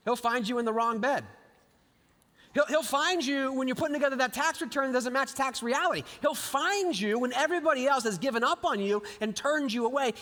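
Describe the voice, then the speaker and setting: Man, pastor, animated sermon, long church reverb. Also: very high voice. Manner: animated storytelling, acting out quotes with sudden swings from loud to hushed. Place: large church auditorium.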